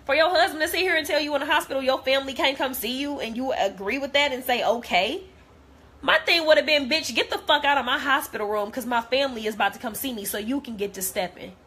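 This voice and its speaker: A woman's voice: high-pitched, quick pace, a bit bright, husky. A young woman talking straight to camera, blunt and heated, repeating herself as she vents. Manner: blunt, repetitive, heated, profane. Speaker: vlogger. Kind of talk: direct-to-camera rant.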